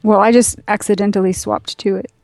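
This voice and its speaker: Mellow-voiced woman co-playing a game. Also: level tone, brisk, gravelly, no echo. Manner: low-key, short replies, trails off. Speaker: co-player. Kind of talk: casual gameplay chat.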